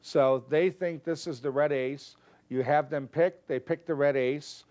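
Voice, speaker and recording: A man teaching a card trick, calmly explaining each move step by step and acting out his stage patter. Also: on the high side, measured pace. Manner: relaxed, explanatory, steps through moves one by one. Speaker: magic teacher. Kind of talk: instructional explanation with performed patter.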